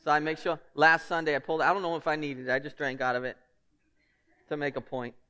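A man's voice: fairly high pitch, level tone, quick pace, sharp tone. Emphatic preaching pastor, a man. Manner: conversational and emphatic, asks the congregation rhetorical questions. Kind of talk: sermon.

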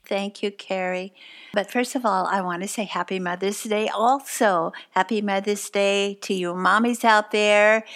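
A woman's voice: medium pitch, fairly bright tone. A woman in her seventies teaching a devotional with tender, earnest encouragement and vivid personal stories. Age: 70s. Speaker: co-host, Bible teacher. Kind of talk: devotional talk, warm storytelling.

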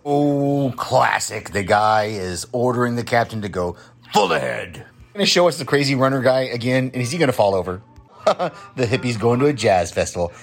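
Male listener, casual running movie commentary, chatty and amused. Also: medium pitch. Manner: chatty, chuckles often while reacting. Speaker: listener sending a voicemail.

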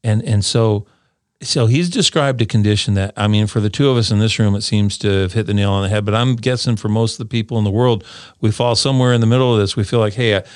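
A man's voice: on the low side, no room sound, clean studio sound. A man co-hosting a casual scripture discussion in a small room, talking earnestly and often repeating his first words. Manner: earnest, repeats words when starting sentences, reads verses aloud slowly. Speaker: podcast co-host discussing scripture.

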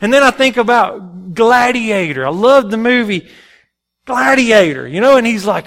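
A male pastor preaching a sermon in an animated, folksy storytelling way. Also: high voice, normal speed, creaky.

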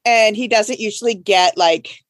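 A woman in her thirties hosting a casual chat, telling a story with lively voices for the people in it. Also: a little slow, no room sound, studio quality. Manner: animated, acts out quotes in high voices. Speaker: podcast host.

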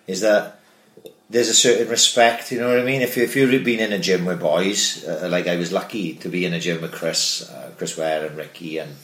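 A very deep-voiced man chats casually, often stumbling and restarting his sentences. His voice rings out in an echoey room. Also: brisk, a bit bright. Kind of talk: casual chat.

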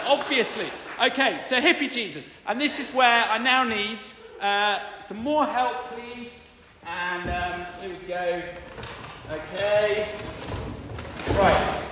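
Playful posh English vicar in an echoey church. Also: male voice, high voice, background noise. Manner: playful, drawing in the congregation. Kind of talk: playful family sermon. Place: large church.

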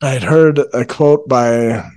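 A man who coaches parents, talking in an earnest, explanatory way and slowing down to stress his main points. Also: mid-range voice, a little mellow. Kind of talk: casual podcast chat.

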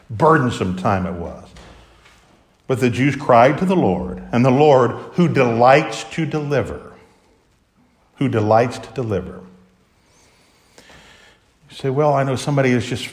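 A man preaching a sermon with dramatic swings between loud exclamations and hushed asides, acting out the voices of biblical characters. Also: fairly high pitch.

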